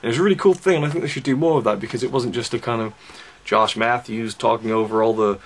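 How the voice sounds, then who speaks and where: A man's voice: medium pitch, fast. A young man giving a casual, chatty review of wrestling DVDs, enthusiastic and full of fillers. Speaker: DVD reviewer.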